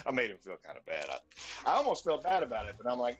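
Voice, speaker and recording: A lower-voiced man in his forties rants bluntly and profanely, his pitch swinging wide as he gets worked up. He talks casually on a stream, with music playing clearly behind him. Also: fast talker, pauses often, poor audio. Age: 40s. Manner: profane, blunt, animated venting. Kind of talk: casual chat.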